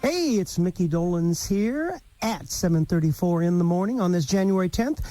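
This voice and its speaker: A man, hosting a live morning radio show in a playful, jokey way with quick laughs. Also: high-pitched, lively intonation, over loud music, low-quality recording. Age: 50s.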